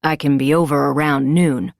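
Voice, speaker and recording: A woman's voice: deep voice, fairly even intonation, normal speed, vocal fry, dry recording, studio quality. A woman narrator voicing a weary male police detective who speaks formally and deferentially. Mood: dutiful. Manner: formal, deferential, says ma'am.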